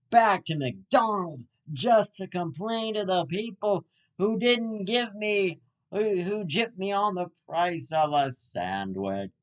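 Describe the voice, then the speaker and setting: A man's voice: high-pitched, expressive, takes it slowly. A young man hosting his own show, ranting in a rambling comedic monologue that is full of stammers and swearing. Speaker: host.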